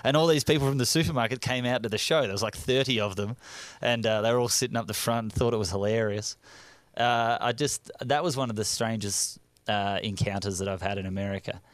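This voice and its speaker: A man's voice: lowish voice, a little fast, no room sound. A young adult man with an Australian accent, a comedian telling jokey, self-mocking stories in a casual studio interview. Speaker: comedian guest. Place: radio studio.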